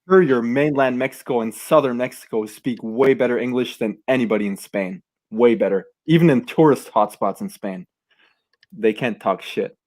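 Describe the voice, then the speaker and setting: A man's voice: mid-range voice, moderate pace, a little mellow. A man from Germany in a loose, casual chat. He rambles through his opinions, stopping and restarting with plenty of fillers.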